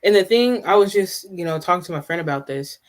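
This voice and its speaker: Brief: live-stream host, halting off-the-cuff chat, mid-pitched, talks straight to viewers in the chat. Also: animated. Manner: chatty, answers live viewers' comments; halting, many restarts and asides.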